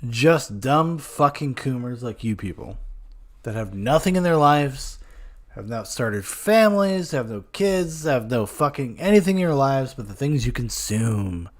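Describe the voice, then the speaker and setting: A male podcast host talks over a clip with biting sarcasm and frequent profanity. His voice sits at an ordinary middle pitch. His anger comes out as mockery. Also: expressive, unhurried. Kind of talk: sarcastic reaction commentary.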